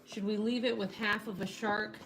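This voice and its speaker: A woman's voice: medium pitch, flat delivery, normal speed, fairly bright tone, slightly rough. A woman co-hosting a casual build stream, teasing and exasperated, often laughing. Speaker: co-host. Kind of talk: casual chat while building.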